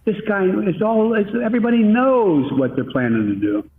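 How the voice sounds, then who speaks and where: A man's voice: high voice, big pitch swings. An older man rambles through a live phone interview, stopping and restarting his sentences. The line is thin and tinny, with a roomy echo and faint background noise. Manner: rambling, halting.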